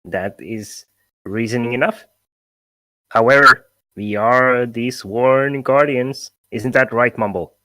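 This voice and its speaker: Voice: medium pitch, slow, bright, forceful tone, no room sound, poor audio. A man voicing a small pixie who guards a forest pool, speaking formally and dutifully.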